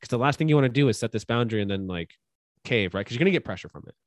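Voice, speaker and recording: A young man co-hosting a podcast, casual and earnest, offering gentle advice with fillers and asides. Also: medium pitch, animated, racing, no room sound, clean studio sound. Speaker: podcast co-host. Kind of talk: casual chat.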